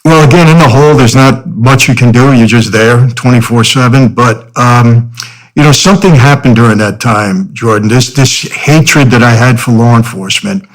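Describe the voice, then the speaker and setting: A man's voice: mid-range voice, normal speed, rough recording. A middle-aged man, a podcast guest, telling his story in an earnest, conversational way with many "you know" fillers.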